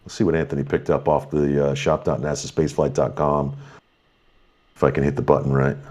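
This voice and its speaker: A man's voice: rumbling low, flat delivery, a little mellow. A man hosting a live stream, thanking viewers and running through their messages in an upbeat, slightly tired way with lots of fillers. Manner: upbeat, thankful, quick rundown with fillers and restarts. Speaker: livestream host. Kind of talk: live stream commentary, reading super chats.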